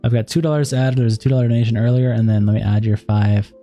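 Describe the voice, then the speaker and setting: A man's voice: mid-range voice, steady tone, fast, warm tone. A man hosting a live stream, reading messages aloud and thanking donors. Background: faint background music.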